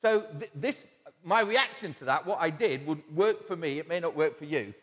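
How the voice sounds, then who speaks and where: Guy giving a sermon, chatty storyteller, slightly higher voice, long hall echo. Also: animated, normal speed, fairly bright tone. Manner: conversational storytelling with quoted asides and chuckles. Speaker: preacher. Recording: long church-hall reverb.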